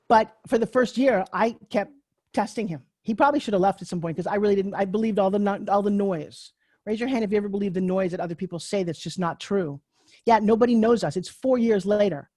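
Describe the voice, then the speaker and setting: A woman in her sixties giving a live online class as a pitch coach, in a chatty, joking, candid storytelling way over a video call. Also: a little mellow, husky, no echo, studio quality. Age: 60s.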